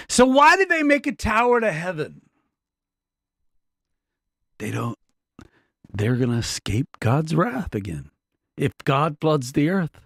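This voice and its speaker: A man's voice: medium pitch, fairly bright tone, no echo, studio quality. A man giving a casual Bible teaching in a conversational way, often checking that his listeners are following along.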